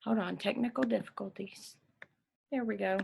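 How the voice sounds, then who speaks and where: A woman's voice: mid-range voice, moderate pace, vocal fry, darkish tone, a little hiss or hum. A woman teacher in a remote class lesson, chatting upbeat with her young students and reading a passage aloud. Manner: upbeat, chatty, addresses kids as friends.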